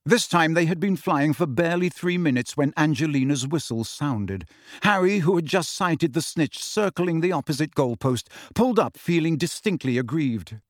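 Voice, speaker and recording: A man reading an audiobook aloud in an expressive storytelling manner. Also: a little high, moderate pace, no room sound, clean studio sound. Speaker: audiobook narrator. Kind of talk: scripted audiobook narration.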